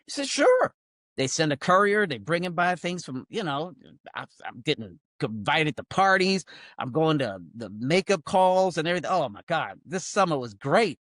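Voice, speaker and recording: An older man, a comedian, tells an animated, wry story about his own past. His voice sits a little high for a man, and he slips into quoted voices as he goes. The sound is close and dry, with no room echo. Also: normal speed. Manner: animated, acts out quoted voices, many fillers like blah blah; wry, self-mocking humor. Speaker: comedian guest. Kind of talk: storytelling anecdote in casual chat.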